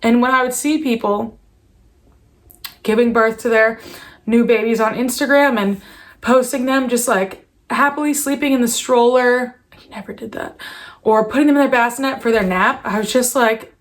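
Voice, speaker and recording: Earnest young mother vlogging. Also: a little high. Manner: candid and earnest, many fillers and restarts. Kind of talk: personal confessional vlog.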